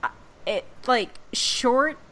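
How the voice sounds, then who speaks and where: A woman's voice: high voice, expressive, takes it slowly, fairly bright tone. A woman from Canada hosting a casual podcast, chatty and joking and laughing often. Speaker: podcast host.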